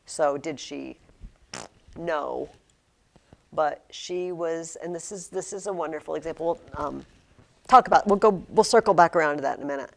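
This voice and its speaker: A woman teaching a high school literature class, asking questions and acting out lines from the book. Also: normal speed, creaky. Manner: animated, asks questions, acts out quotes.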